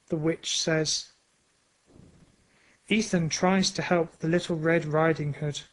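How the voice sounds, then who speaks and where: A narrator reading a storybook aloud for language learners in a clear, carefully paced way. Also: mid-range voice, fairly even intonation, slow pace, long pauses, rough recording.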